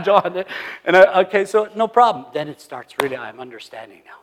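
A man preaching a sermon, swinging between loud emphatic lines and hushed asides. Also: high voice, animated, a little fast. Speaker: pastor. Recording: long hall reverb.

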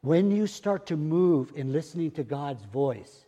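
An older man preaching a sermon as pastor, repeating phrases and swinging from hushed murmurs to loud exclamations. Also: on the high side, expressive, a little slow, in a large hall, muffled recording. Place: church.

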